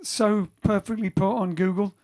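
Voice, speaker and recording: A man with a high-sitting, steady, somewhat dark voice speaks at a moderate pace. He's a bandleader and singer hosting his band's livestream from home during lockdown, chatting casually and rambling between songs. He's chatty and often corrects himself.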